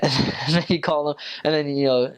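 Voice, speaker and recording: A young man, a returned missionary, telling stories in a relaxed, casual way, with lots of fillers, and jumping up in pitch when he quotes people. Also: a little fast, smooth. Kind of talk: casual storytelling.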